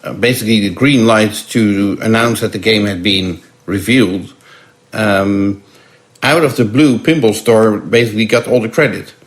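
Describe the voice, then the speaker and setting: Guy with a lowish voice co-hosting a pinball podcast, jumps in to steer the talk. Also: normal speed. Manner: interjecting, steering the conversation. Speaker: pinball magazine podcast co-host. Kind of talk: casual podcast chat.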